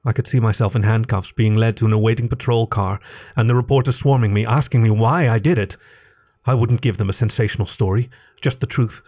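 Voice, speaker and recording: A man narrating a first-person story in a steady, measured reading voice. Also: mid-range voice. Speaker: story reader.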